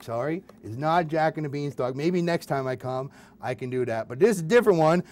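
A man's voice: a little high, lively intonation, a little fast, a little mellow. A man performing as a children's puppeteer, telling nursery rhymes in a playful, sing-song way and chatting with his audience. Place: hospital closed-circuit TV studio.

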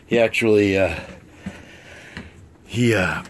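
A man's voice: fairly low pitch, takes it slowly, a little hiss or hum. A man playfully teasing his dogs in a casual home video, repeating commands and chatting about them. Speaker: dog owner filming his pets.

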